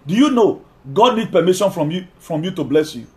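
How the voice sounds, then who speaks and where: A man preaching a sermon, emphatic, repeating key lines and slowing down to read scripture. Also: high voice, lively intonation.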